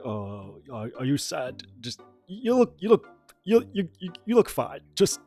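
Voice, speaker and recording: A man's voice: fairly high pitch, big pitch swings, unhurried, mellow, soft background music, pitched above the performer's own voice, heavily acted. A man playing a flustered stammering young valet. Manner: stammering, gushing reassurance. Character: flustered lanky young male valet, eager to please.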